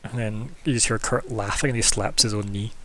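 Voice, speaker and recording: A man's voice: fairly low pitch, fairly even intonation, a little fast, background noise. A man narrating a tabletop game as game master, rambling with many fillers.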